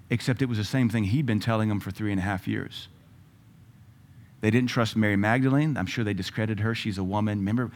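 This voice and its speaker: A middle-aged man preaching a sermon, emphatic, with loud bursts when he quotes scripture. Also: on the low side.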